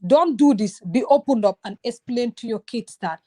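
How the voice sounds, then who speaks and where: Animated woman in her thirties, slightly high. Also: normal speed. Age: 30s. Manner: animated, switches into Wolof phrases. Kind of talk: casual conversation.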